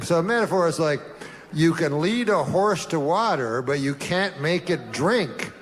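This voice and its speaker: Dry, halting male comedian. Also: on the high side, lively intonation. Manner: dry, halting delivery full of uh's and you-knows. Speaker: stand-up comedian. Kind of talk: deadpan talk-show storytelling.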